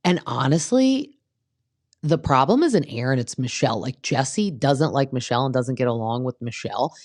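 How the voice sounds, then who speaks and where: A woman's voice: very deep voice, animated, normal speed, a little mellow, no echo, clean studio sound. A woman hosting a podcast, recapping a reality show in a chatty, gossipy way, full of "like" and "um". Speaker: podcast host. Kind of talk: casual recap commentary.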